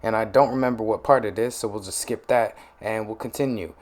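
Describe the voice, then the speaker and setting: A man's voice: fairly low pitch, a little fast, darkish tone. A man hosting a gaming channel, with laid-back, chatty and joking casual commentary.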